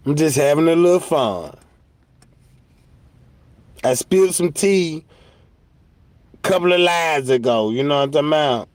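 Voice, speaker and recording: A man's voice: on the high side, animated, a little slow, long pauses, no room sound. A man giving joking, mocking commentary in slangy talk, breaking into laughter and slipping into mock voices for his punchlines. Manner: slips into mock voices for jokes. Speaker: commentary streamer.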